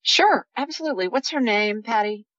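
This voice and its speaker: A woman's voice: on the high side, lively intonation, brisk, a bit bright, no room sound, muffled recording. A woman hosting a live call-in radio show. She talks soothingly and explains each step as she goes. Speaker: radio show host and energy healer.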